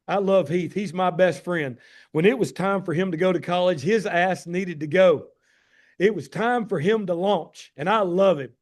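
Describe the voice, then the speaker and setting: A man's voice: high voice, a little mellow. A man in his fifties with a Tennessee Southern accent tells heartfelt personal stories in a folksy, emphatic way during a talk on a call. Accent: Tennessee Southern American. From Tennessee, USA. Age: 50s. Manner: folksy, emphatic, heartfelt, addresses listeners as guys. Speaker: addiction medicine doctor giving a talk. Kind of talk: personal storytelling presentation on a call.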